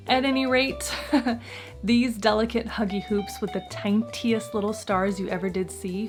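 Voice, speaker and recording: Woman true crime host, casual storyteller, playful and jokey. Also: mid-range voice. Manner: playful, chatty, jokey asides.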